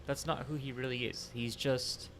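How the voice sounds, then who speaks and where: A man voicing a soft-spoken mysterious reflection. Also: mid-range voice, steady tone, a little hiss or hum, lightly acted. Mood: confiding. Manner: measured, soft, confiding. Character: calm male conscience reflection, mysterious. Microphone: headset.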